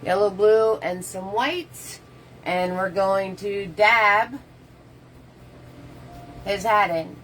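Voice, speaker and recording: Her medium-pitched voice is a bit bright but extremely slow, with long pauses, and the rough recording carries a little hiss or hum. As a painting instructor running a live tutorial, she chats casually, answers viewer comments mid-painting, and walks through each step loosely.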